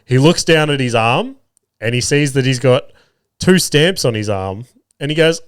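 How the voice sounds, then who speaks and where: Crude, laughing Australian dad. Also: male voice, medium pitch, lively intonation, moderate pace, clean tone, no room sound, studio quality. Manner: crude, swearing, laughing at his own stories. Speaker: podcast host. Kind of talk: casual storytelling.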